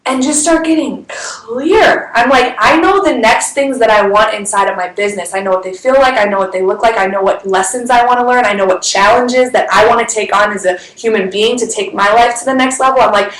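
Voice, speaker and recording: Woman, casual livestream talk, bubbly, laughs a lot, slightly high voice, echoey room. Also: fairly quick, hardly any pauses, a bit bright. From Chicago. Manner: bubbly, laughs often, lots of "like". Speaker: wellness business owner sharing a story.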